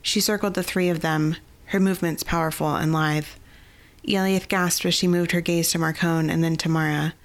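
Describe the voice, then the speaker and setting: A woman narrating a fantasy novel in a steady, even storytelling voice. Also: deep voice, moderate pace, creaky. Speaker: audiobook narrator.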